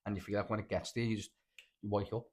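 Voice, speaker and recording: A young man with a Scouse accent telling rambling, animated stories in casual podcast chat, full of slang and swearing. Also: fairly low pitch, very fast, breathy edge. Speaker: podcast host.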